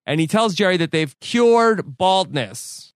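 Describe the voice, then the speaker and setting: A man's voice: sits high, lively intonation, unhurried, no room sound, clean studio sound. A man on a podcast, casually telling a story with many fillers and restarts. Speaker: podcast co-host. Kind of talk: casual chat recounting a story.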